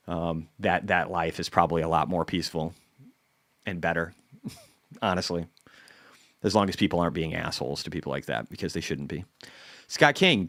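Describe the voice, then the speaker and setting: A man with a very deep, low-pitched voice hosts a casual live trading stream. He is blunt and profane, drops to muttered asides and then bursts out loud. The sound is dry and close, with no room echo. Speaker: stock market livestream host.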